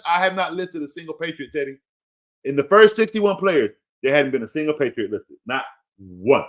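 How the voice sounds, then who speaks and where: Man, fantasy football host, emphatic, repetitive, lively swooping pitch, slightly high voice. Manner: emphatic and repetitive, pleading with a listener; playful, laughs at himself. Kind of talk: casual opinionated rant.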